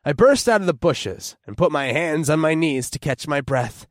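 Young man narrating horror, lively delivery. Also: on the high side, normal speed, dry recording, clean studio sound. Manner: expressive storytelling with tense outbursts. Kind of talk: first-person horror audiobook narration.

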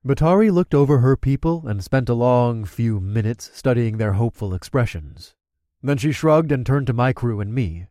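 A man narrating a first-person audiobook in a steady, wry way. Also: medium pitch, normal speed, dry recording, clean studio sound.

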